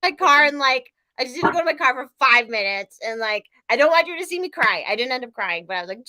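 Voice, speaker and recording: A woman chatting on a casual podcast, a little tipsy and rambling freely. Her voice sits a bit high and sounds bright and forceful, broken up by frequent laughs and a steady stream of "like.". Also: fairly quick. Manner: rambling, laughs often, lots of "like". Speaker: podcast co-host. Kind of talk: casual chat.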